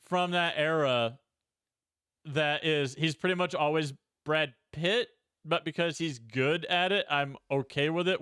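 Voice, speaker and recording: A man's voice: a little high, a bit bright, clear, resonant tone, no echo, clean studio sound. A man co-hosting a film review podcast, blunt and sarcastic in casual chat, swearing freely. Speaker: podcast co-host.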